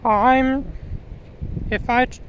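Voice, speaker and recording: Slow, rambling vlogger in wind noise. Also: sits high, steady tone, low-quality recording. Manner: rambling, repeats words and restarts. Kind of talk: casual opinion vlog.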